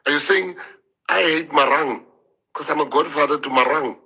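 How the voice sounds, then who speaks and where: Husky, emotional man. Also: on the high side, bright, forceful tone, poor audio. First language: Afrikaans. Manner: emotional, halting, repeats words. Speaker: politician. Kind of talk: impassioned public address.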